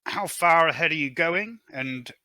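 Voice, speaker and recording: A man's voice: fairly high pitch, animated, measured pace, bright, forceful tone, no echo. A man running a tabletop role-playing game as game master, thinking aloud and hesitating with fillers as he checks rules and gear.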